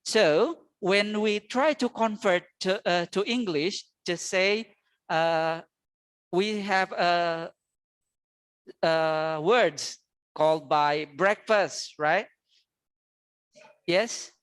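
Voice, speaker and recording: A man with an Indonesian accent teaching his language in English, halting and full of fillers. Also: high voice, a bit bright. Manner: halting, many fillers and restarts. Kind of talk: online language lesson.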